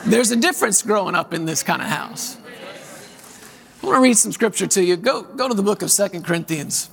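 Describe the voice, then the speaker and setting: A man preaching a sermon, telling family stories and reading scripture with drawn-out emphasis. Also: high-pitched, expressive, gravelly. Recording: long echo of a large hall.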